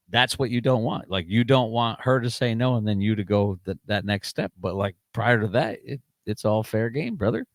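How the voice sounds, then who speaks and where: Deep-voiced man rambling crude anecdotes. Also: animated, moderate pace, few pauses, no room sound. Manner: rambling, crude anecdotes, dropping low at times. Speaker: podcast guest. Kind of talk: casual chat.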